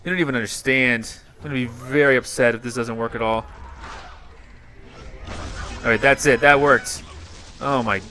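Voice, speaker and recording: A man hosting a reaction channel and playing a mobile game, his commentary swinging between muttered frustration and loud yelps. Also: mid-range voice, fairly even intonation, normal speed, long pauses, faint music behind. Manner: dramatic swings from muttering to yelling. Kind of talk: excitable gameplay commentary.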